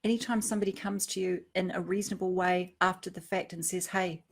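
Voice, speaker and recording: A middle-aged woman giving a reflective personal talk, earnest, dropping to a hush and then rising to emphasis. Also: on the low side, steady tone, fast talker, gravelly, slightly rough. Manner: earnest, swings from hushed to emphatic. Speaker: speaker on emotional triggers.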